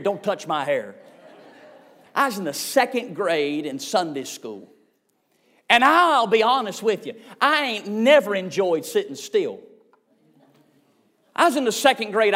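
Guy preaching, high voice, folksy and punchy, hams up his stories. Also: fairly bright tone. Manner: folksy and emphatic, with comic exaggeration. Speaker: revival preacher. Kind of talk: humorous storytelling sermon.

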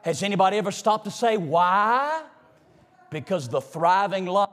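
A man's voice: sits high, expressive, normal speed, fairly bright tone. A man preaching a sermon in a church, fiery and rhythmic, singing out some phrases. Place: church sanctuary.

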